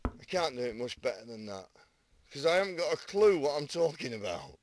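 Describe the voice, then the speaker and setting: A man's voice: mid-range voice, sing-song, a little fast, slight background noise. Chatty man reading commentary lines. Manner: chatty, laughing, self-mocking asides. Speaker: snooker commentator recording lines. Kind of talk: jokey commentary voice-over session.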